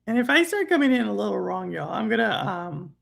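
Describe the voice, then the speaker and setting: Chatty woman with a gravelly edge. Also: medium pitch, big pitch swings, brisk. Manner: rambling, chatty, teasing. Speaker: podcast co-host. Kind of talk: casual chat. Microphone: remote online call.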